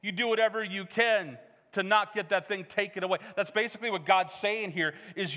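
A man's voice: sits high, brisk, sharp tone. A middle-aged man preaching a sermon as pastor, conversational and joking with the congregation. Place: church hall. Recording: reverberant church hall.

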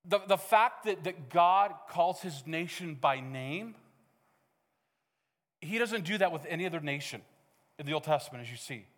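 A man's voice: on the high side, lively intonation, normal speed, pauses often, a bit bright. A middle-aged man preaching a sermon as pastor, conversational and joking with the congregation. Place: church hall. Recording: reverberant church hall.

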